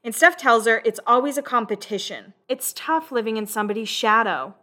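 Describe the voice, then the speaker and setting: Woman, host, casual chat, bright tone, swears a lot, laughs easily. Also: on the high side, lively intonation, a little fast. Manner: chatty, swears freely, laughs often. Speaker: podcast host recapping a reality show. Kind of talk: casual chatty recap.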